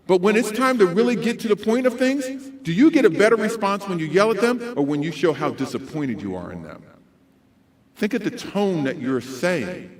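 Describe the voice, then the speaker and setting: A man giving a motivational talk to educators at a school conference, animated and swinging between loud and soft. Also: high voice, normal speed. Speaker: conference speaker.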